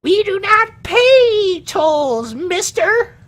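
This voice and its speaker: Man as middle-aged male halfling, small and indignant, very high squeaky strained voice, tabletop game. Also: sing-song, very slow, fairly bright tone, full character voice. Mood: defiant.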